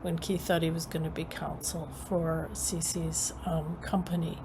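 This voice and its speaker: Lady co-host chatting about the episode, kinda low voice, easygoing and thoughtful. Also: little pitch movement, measured pace, background noise. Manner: thoughtful, conversational, frequent agreeing murmurs. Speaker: podcast co-host. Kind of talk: casual recap chat.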